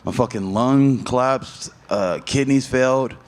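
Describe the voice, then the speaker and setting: A man who fights professionally, answering questions in a casual interview, telling stories with a lot of swearing and rambling. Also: unhurried. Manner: profane, rambling storyteller; jumps high in pitch when telling a story. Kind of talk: casual media day interview.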